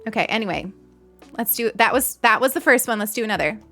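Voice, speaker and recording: A woman's voice: fairly high pitch, animated, fast, pushed and bright, soft background music. A young adult woman streamer chatting casually and giggling as she thanks donors on a live stream.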